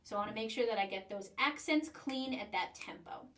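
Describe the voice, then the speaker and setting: A woman's voice: medium pitch, a little fast, fairly bright tone, far from the mic. A woman teaching the trombone, walking through the steps of a practice excerpt and now and then singing the rhythms on single syllables. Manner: explains step by step, sings rhythms on syllables. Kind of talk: instructional demonstration. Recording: echoey room, a bit off mic.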